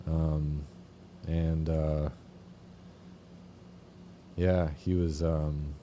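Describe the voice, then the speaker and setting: A man from Vermont, a podcast guest, telling his recovery story in a halting way with lots of fillers and swearing. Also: rumbling low, flat delivery, dark tone, a little hiss or hum. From Vermont, USA. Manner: halting, many fillers and restarts, frequent swearing. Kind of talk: candid personal recovery story.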